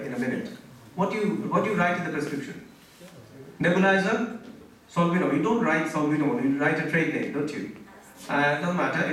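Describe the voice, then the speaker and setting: A man's voice: on the high side, fairly bright tone. A middle-aged man, a doctor teaching a medical class and quizzing the audience with pointed questions. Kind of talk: interactive medical lecture. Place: lecture hall. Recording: very echoey hall from far off.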